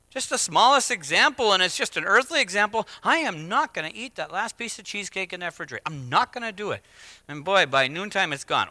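Middle-aged male pastor, sermon delivery, very bright slightly high voice, dry close sound; hushed to emphatic. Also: lively intonation, fast talker, no room sound. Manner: swings from hushed to loud, emphatic preaching.

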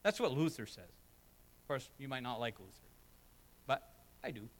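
A man's voice: mid-range voice, animated, normal speed. A man preaching a sermon as pastor, emphatic and building with repeated phrases, in a church sanctuary. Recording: long hall reverb.

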